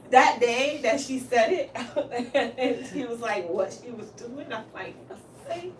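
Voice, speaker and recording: A woman with a fairly high voice, chatting in her hair salon and telling a story. She acts out each person's lines with plenty of laughter. She sits back from the mic in a roomy space, with a faint hiss underneath. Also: far from the mic. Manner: animated, acts out quoted lines, laughs often. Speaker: hairstylist and salon owner. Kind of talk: casual storytelling chat.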